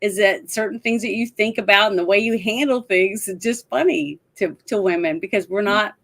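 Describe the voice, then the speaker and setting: A woman's voice: medium pitch, moderate pace, fairly bright tone. A woman co-hosting a casual talk show, retelling film scenes with lots of laughter. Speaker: podcast co-host. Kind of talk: casual chat about a film.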